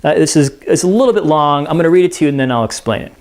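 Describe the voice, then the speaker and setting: A man's voice: fairly high pitch, lively intonation, rapid-fire, darkish tone. A man explaining a play in a casual spoken lesson, conversational and full of "you know" and restarts. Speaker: teacher.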